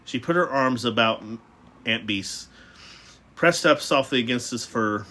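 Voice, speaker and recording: A man's voice: mid-range voice, expressive, a little slow, sharp tone. A man reading a novel aloud, with frequent stumbles and restarts. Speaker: reader.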